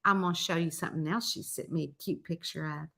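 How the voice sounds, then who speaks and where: A woman's voice: low-pitched, steady tone, quick pace, creaky, pushed and bright. A middle-aged woman, chatting casually and telling a folksy story, acting out the quotes. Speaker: mystery author hosting a weekly chat.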